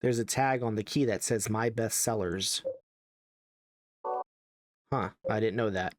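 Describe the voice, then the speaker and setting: A man's voice: on the low side, measured pace, dry recording, clean studio sound. A man casually commentating a horror video game as he plays, wry and chatty, reading the on-screen text aloud. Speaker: let's play gamer.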